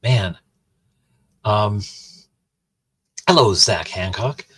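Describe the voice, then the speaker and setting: A man's voice: lowish voice, lively intonation, drawn-out words, slightly rough, dry recording. A man rambling in casual chat with his livestream viewers, full of restarts and asides. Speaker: streamer and host.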